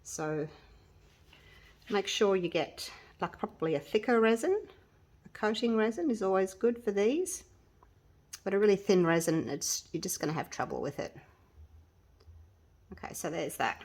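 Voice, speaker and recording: A woman runs a casual resin craft tutorial vlog from home, chatting to viewers as she works and often trailing off before restarting. Her medium-pitched voice is expressive with a darkish tone, at normal speed with long pauses.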